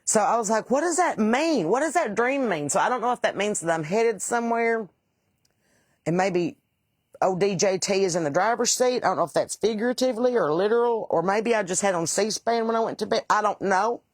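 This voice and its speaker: A woman's voice: medium pitch, a little fast, no room sound. A woman, chatting casually with livestream viewers, rambling and salty as she tells stories. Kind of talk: casual livestream chat reading comments.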